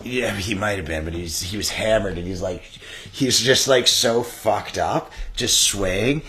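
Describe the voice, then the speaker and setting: A man's voice: on the low side, measured pace, bright, forceful tone, slight background noise. A man hosting a casual podcast chat, rambling through a story and laughing often.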